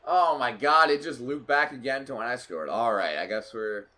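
A young man commentating his own hockey video game match, getting excitable and frustrated at the game. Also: medium pitch, moderate pace. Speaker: gaming YouTuber. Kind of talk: live gameplay commentary.

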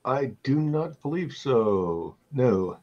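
Male tabletop player, slow and laid-back, on a muffled mic. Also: medium pitch, very animated, darkish tone. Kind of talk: tabletop game play over a call. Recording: dull lo-fi mic.

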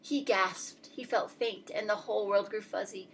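A woman reading a rhyming picture book aloud in a lively, expressive, sing-song way. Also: mid-range voice, moderate pace, a little hiss or hum. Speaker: storyteller.

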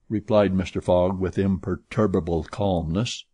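Male audiobook narrator, low husky voice, steady measured read. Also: no echo.

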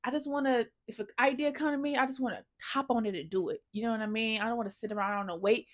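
Emotional, effusive woman vlogger, slightly high voice. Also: steady tone, fast. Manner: emotional, effusive, swears freely. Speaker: sneaker vlogger. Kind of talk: casual vlog to camera.

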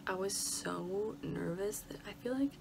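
A woman's voice: medium pitch, measured pace, creaky. A young woman with a Michigan accent, talking anxiously and often dropping to a whisper as she chats casually in her bedroom. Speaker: college student vlogger. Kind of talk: casual vlog chat. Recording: steady background noise, lawnmower outside.

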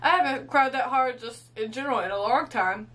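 A woman reviews a film she just watched. Her voice sits a bit high and sounds teary, and she gushes emotionally, swearing and laughing freely. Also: brisk, fairly bright tone. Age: 20s. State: teary after crying. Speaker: host. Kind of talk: movie reaction and review.

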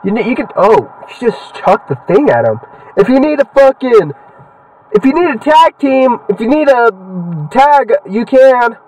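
A young man talks through a video game, loose and excitable, trading cheers for heckles. His voice sits high and leaps all over the place. He sounds a little away from the microphone. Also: a little slow, no echo, distant mic, low-quality recording. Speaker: gaming channel host. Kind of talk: casual gameplay commentary.

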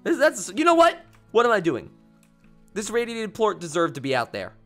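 Animated young male game streamer. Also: sits high, normal speed, soft background music. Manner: rambling, playful, reads chat aloud. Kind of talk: casual gameplay commentary.

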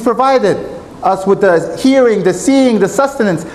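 High-voiced man giving a sermon. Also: unhurried, a little mellow, poor audio. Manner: earnest, retelling a story with quoted dialogue. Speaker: preacher. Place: mosque.

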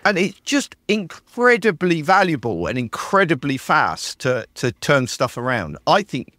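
This podcast host, a British man, speaks with a slightly high voice at a measured pace, recorded in studio quality without echo. He chats casually and enthusiastically, animatedly performing the prompts he types into his tools.

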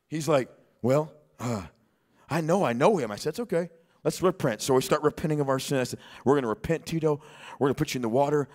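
A man preaching a sermon in church, telling a story quietly, then rising to shouts. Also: on the high side, expressive, brisk, vocal fry. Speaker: pastor. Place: church sanctuary.

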